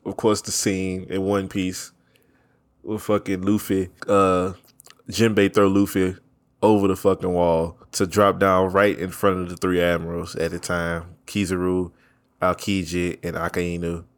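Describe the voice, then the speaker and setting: A man with a somewhat low voice co-hosting a casual podcast from his own setup. He talks in a relaxed, profane way and laughs a lot. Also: a little slow. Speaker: podcast co-host. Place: own setup, recording separately from co-host.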